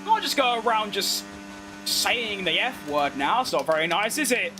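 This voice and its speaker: A man with a London accent streaming a racing game, chatting with viewers and yelling excitedly at the race. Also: high voice, moderate pace, noisy background. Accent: London English. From London, England. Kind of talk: live gameplay commentary and chat.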